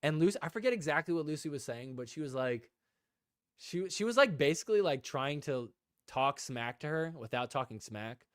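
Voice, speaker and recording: A man's voice: on the high side, expressive, moderate pace, smooth, dry recording, clean studio sound. A man hosting a casual live stream, rambling with lots of "like" and talking to viewers in the chat. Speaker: podcast host.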